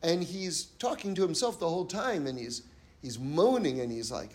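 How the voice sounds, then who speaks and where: High-voiced man giving a Torah talk. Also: lively intonation, normal speed. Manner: earnest, repeats points for emphasis, tells parables. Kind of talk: sermon-style Torah talk.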